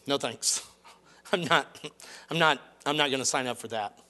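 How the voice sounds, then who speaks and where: A middle-aged man preaching a sermon in a conversational, animated way, acting out quoted lines. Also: mid-range voice, moderate pace. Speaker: pastor.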